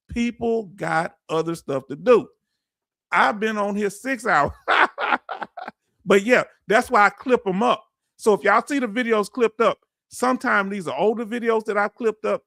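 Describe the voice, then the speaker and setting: A man's voice: high voice, fairly bright tone, dry recording, studio quality. A man hosting a casual livestream, chatting loosely with his viewers and reading their comments aloud. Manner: chatty, reads chat aloud, Southern Black vernacular phrasing. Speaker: veteran livestream host.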